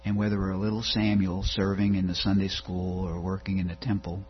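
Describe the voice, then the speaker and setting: A man preaching a dramatic sermon, building into a rhythmic recitation. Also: deep voice. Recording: dull lo-fi recording with mains hum.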